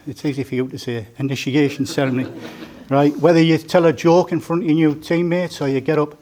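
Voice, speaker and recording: A man's voice: fairly high pitch, fairly even intonation, brisk, warm tone, slight background noise. A man, giving a joking, story-filled father of the bride speech at a wedding reception. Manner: joking, storytelling, teasing the groom. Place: indoor wedding reception room.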